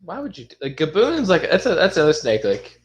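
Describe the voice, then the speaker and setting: A man's voice: a little high, wildly swooping pitch, quick pace. A man co-hosting a casual podcast, bantering with crude jokes. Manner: profane, joking banter. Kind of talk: casual chat.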